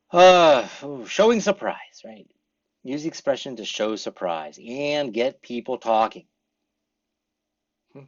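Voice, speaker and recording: A man teaching English conversation to a class, acting out sample responses with lively changes of voice. He has lived in Korea for many years. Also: mid-range voice, dull audio. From English-speaking foreigner living in Korea. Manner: lively, acts out example responses. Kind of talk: classroom lecture.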